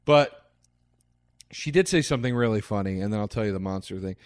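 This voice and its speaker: A man's voice: on the low side, fairly quick, dry recording. A man co-hosting a podcast, chatting casually about a movie, rambling with stammered restarts and dry storytelling. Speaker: podcast co-host. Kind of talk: casual movie review chat.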